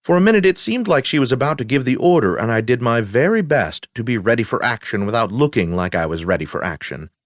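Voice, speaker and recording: A man's voice: medium pitch, big pitch swings, quick pace, few pauses, dry recording. A man narrating an audiobook in the first person, with dry, wry understatement.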